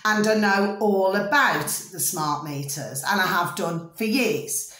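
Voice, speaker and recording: Casually rambling to camera, a middle-aged British vlogger keeps asking "do you see what I mean?" and saying "ding ding" to check viewers follow. Her medium-pitched voice is expressive, slow and fairly bright, with reverb.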